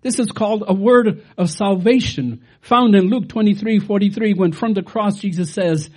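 A man preaching a Good Friday sermon, dropping to quiet asides and then rising to loud, emphatic declarations. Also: sits high, moderate pace. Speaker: pastor.

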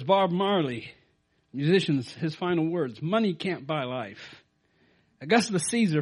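A man delivers a sermon in a fairly high voice that moves a great deal in pitch. He drops to quiet asides, then rises to loud, emphatic declarations. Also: breathy edge. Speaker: pastor.

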